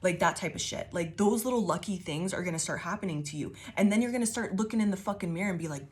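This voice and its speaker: A woman's voice: fairly low pitch, quick pace, few pauses. Profane, rambling woman tarot reader. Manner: profane, rambling, laughs often; affirming, calls listeners babies. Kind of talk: casual channeled tarot reading.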